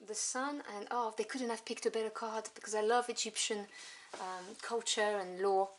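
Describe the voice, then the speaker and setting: A woman of ordinary pitch talks through a tarot deck, chatty and enthusiastic. She drops into soft asides now and then. The home recording has audible noise and card clicks. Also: fairly even intonation, moderate pace. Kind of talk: casual deck review. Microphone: camera on tripod.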